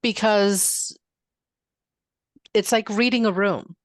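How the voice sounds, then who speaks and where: A woman co-hosting a podcast, calm and reflective, explaining her thoughts in casual chat. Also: medium pitch, takes it slowly, no echo, studio quality. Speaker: podcast co-host.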